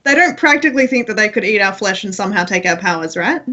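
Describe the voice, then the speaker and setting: Bright, eager female player. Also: mid-range voice, animated, quick pace. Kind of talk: casual role-play banter. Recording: dull, lo-fi stream audio.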